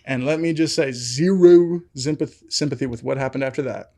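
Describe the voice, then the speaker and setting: A man's voice: mid-range voice, a little fast, dark tone. A man co-hosting a podcast, telling a story in casual chat, acting out quotes and laughing often. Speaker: podcast co-host.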